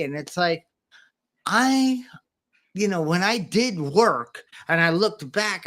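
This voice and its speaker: A man hosting a podcast, talking in a reflective, halting way with restarts. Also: fairly high pitch, fairly bright tone. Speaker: podcast host. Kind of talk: casual chat.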